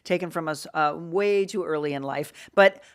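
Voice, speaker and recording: Low-voiced woman hosting a wellness chat. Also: moderate pace, smooth. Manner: chatty, enthusiastic, speaks to viewers. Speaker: talk show host.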